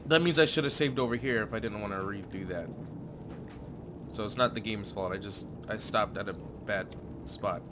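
A man giving casual gameplay commentary, cursing often and breaking into shouts at his character. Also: lowish voice, moderate pace, background noise. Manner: swearing, yells in bursts at the character. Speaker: gaming channel host.

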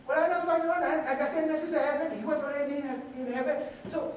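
A preacher with a Filipino accent, giving a halting sermon that mixes Tagalog into English and often repeats words. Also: sits high, fairly even intonation, slight background noise. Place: church hall. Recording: echoey hall from far off, faint ambience.

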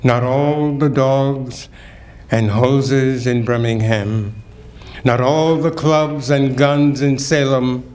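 An older man reads poetry at a community gathering, taking his time with each line. His delivery is declamatory, rising to ringing emphasis on key words before settling back into unhurried talk. His voice sits at an ordinary male pitch. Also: a little mellow. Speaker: keynote speaker reading poetry. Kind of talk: dramatic poetry reading and lecture. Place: event hall at a community breakfast.

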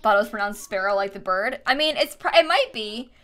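Bright-voiced young woman streaming casually. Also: fairly high pitch, expressive, fairly quick. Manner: chatty, thanks viewers, frequent laughs and fillers. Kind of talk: casual live-stream chat.

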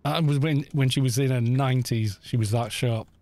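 A British gaming streamer in his thirties talks casually on a live stream, telling stories and laughing often. His medium-pitched voice is a little mellow and moves at a moderate pace, with faint music in the background.

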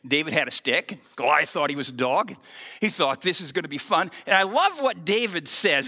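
A male pastor preaches with lively storytelling, acting out the characters as he goes. His voice sits high and sounds sharp and bright. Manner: animated storytelling, acts out the scripture. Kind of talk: sermon.

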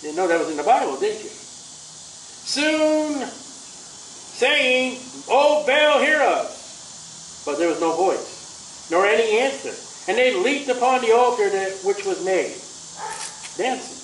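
A man preaching a sermon in a combative, sarcastic way, his delivery swinging from loud to soft. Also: high voice, normal speed, a little hiss or hum. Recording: echoey room from far off.

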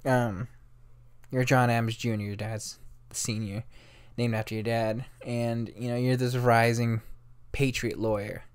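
A young man with a casual, rambling manner, retelling history as a storyteller and swearing freely. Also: mid-range voice. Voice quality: rambling, swears freely, talks straight to listeners. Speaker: history podcast host.

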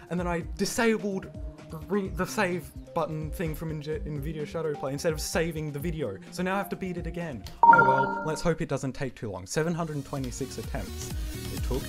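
A man commenting as he plays a rhythm game, breaking into exasperated outbursts and mocking himself. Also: mid-range voice. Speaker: gamer playing a rhythm game. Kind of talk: live gameplay commentary. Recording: game music under voice. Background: electronic game music.

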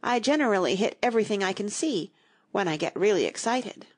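A woman's voice: medium pitch, expressive, brisk, natural voice. A woman voicing a sulky, grave boy twin who talks in a solemn, complaining way.

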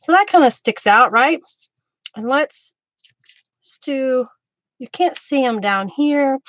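A woman hosting a live craft stream, chatting warmly with viewers by name as she works. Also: on the high side, dry recording. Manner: friendly, talks to viewers by name while working.

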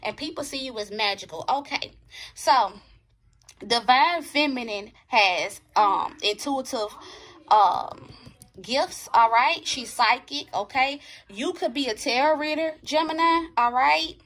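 A woman's voice: sits high, fairly bright tone. A woman giving a casual tarot reading, talking bluntly and profanely and checking in with her viewers. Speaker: tarot reader.

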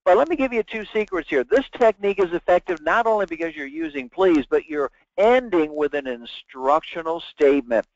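A man's voice: on the high side, lively intonation, moderate pace, few pauses, no room sound. A man giving a webinar lecture as a sales trainer, talking emphatically and acting out sample phone calls. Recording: dull, dry lo-fi webinar audio.

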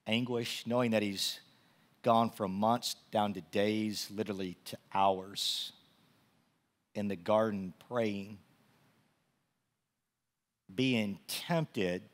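Preaching to his congregation in a fairly low voice, a male pastor frequently repeats words. His sermon builds from calm instruction into loud, lively storytelling.

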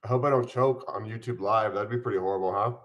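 A man's voice: lowish voice, fast, highs cut off. Upbeat man chatting on a live stream. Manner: upbeat, chatty, eating on camera. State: mildly ill with covid. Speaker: vlogger hosting a live stream. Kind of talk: casual live-stream chat. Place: at home.

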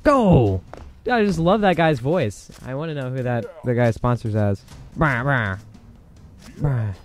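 A young man casually commenting on a game as he plays, excitable and quick to exclaim. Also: mid-range voice. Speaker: gameplay commentator. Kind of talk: casual let's play commentary. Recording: game music and gunfire loud behind voice. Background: game music and gunfire.

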